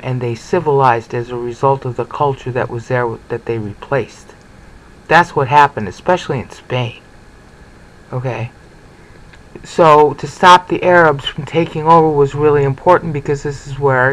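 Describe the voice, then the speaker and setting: A man's voice: mid-range voice, poor audio. A man giving an informal Bible history lecture, chatty and often checking in with "okay?". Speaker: Bible teacher. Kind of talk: informal lecture over slides.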